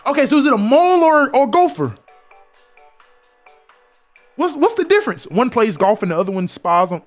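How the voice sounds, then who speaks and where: A young man streaming a game, joking around and chatting with his viewers. His voice is fairly high and very lively, swinging up and down as he reacts. Faint music plays underneath. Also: normal speed. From South Carolina. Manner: animated, joking, talks to chat. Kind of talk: casual gaming commentary.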